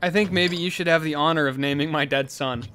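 A man's voice: fairly high pitch, brisk, pushed and bright, slight background noise. A man in a game role-play, giving a melodramatic, mock-solemn eulogy. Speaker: streamer playing a slime character.

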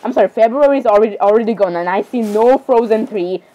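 A teenage girl chats casually, reacting and commenting as she rambles and keeps apologizing with giggles. Her voice is fairly high, quick and dark in tone, and the recording is muffled.

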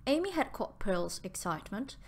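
A woman narrating an audiobook in a slow, deliberate reading style. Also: mid-range voice, sing-song.

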